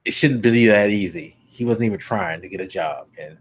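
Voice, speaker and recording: A man's voice: fairly low pitch, normal speed, breathy edge. A man hosting a podcast, chatting casually with teasing, laid-back banter. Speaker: podcast host. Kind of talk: casual chat.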